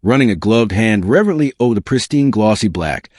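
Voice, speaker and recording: A man's voice: on the low side, lively intonation, fairly quick, darkish tone, no room sound, clean studio sound. A man reading a dramatic story as scripted narration with an intense delivery.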